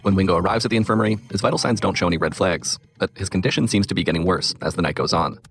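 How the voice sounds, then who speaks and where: A man narrating a scripted story in a measured, matter-of-fact way as host. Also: low-pitched, a bit bright.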